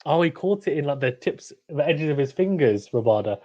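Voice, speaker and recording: A young man hosting a cricket watchalong livestream, reacting excitedly, groaning and pleading with each ball. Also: fairly high pitch, fairly quick, highs cut off. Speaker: livestream host.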